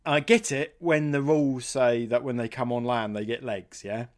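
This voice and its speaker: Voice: medium pitch, fairly even intonation, moderate pace. A podcast co-host in casual film chat, rambling and curious, often laughing as he talks.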